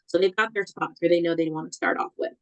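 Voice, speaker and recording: Woman with a lowish voice, halting answer, dry close sound. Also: steady tone, fairly bright tone, dry recording, low-quality recording. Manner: hesitant, many ums and restarts. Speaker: bookseller guest.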